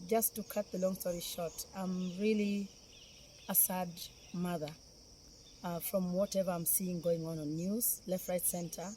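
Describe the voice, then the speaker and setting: A woman's voice: on the low side, steady tone, unhurried, warm tone, a little hiss or hum. A middle-aged woman with a Kenyan accent gives a heartfelt, emotional appeal, repeating phrases for emphasis. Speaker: philanthropist speaking on camera.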